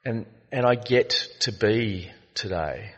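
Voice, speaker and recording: Deep-voiced man sharing in an echoing hall. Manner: reflective, storytelling with halting fillers. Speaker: recovery meeting speaker. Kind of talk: personal share at a recovery meeting. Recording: long echo of a meeting hall.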